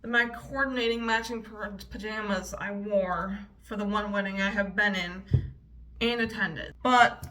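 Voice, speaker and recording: A woman in her twenties does her makeup for a beauty vlog, chatting, telling stories and swearing freely. Her medium-pitched voice is steady, bright and forceful at a measured pace, though she sounds a bit distant from the mic.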